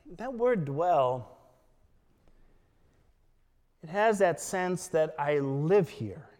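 A man preaching a sermon as a pastor, quoting scripture in a slow, deliberate way. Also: a little high, animated, a little mellow, long reverb tail.

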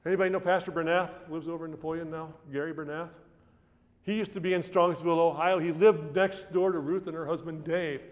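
A middle-aged pastor preaching, his voice sitting a little high for a man. He tells the story conversationally and often restarts his phrases. The long reverb of a church hall trails after each line. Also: steady tone, fairly quick. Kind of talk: sermon with a personal story.

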